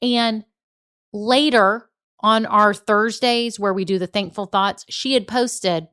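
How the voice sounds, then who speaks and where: A woman's voice: mid-range voice, fairly even intonation, slow, a bit bright, clean tone. A middle-aged woman with a Southern American accent, from Texas, hosting a motivational solo podcast in a chatty, encouraging way. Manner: chatty, encouraging, says y'all and right. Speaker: podcast host.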